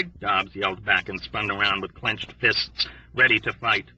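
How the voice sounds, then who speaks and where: Brief: male audiobook narrator, measured storytelling, husky edge, dry room, a bit off-mic. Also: lowish voice, steady tone, bright, forceful tone, dry recording, far from the mic, highs cut off. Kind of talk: scripted narration.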